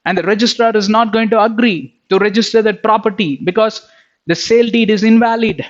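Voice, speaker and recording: Male preacher, high voice, teaching in a sermon, often checks that listeners follow; lo-fi recording. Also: fairly even intonation, fairly quick. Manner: addresses listeners as beloved, asks checking questions. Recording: dull lo-fi sound.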